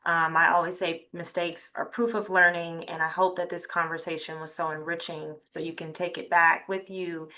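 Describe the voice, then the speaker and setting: Female panel guest, lowish pitch, bright edge, earnest and encouraging. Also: level tone, moderate pace, hardly any pauses. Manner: earnest, encouraging, many fillers. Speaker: guest speech-language pathologist. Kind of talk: conversational panel discussion.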